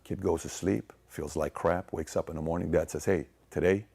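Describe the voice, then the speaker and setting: Husky man giving an animated speech. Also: low voice, moderate pace. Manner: acts out dialogue in a parable, swinging loud and soft. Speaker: speaker in a played clip. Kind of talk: animated motivational speech with storytelling.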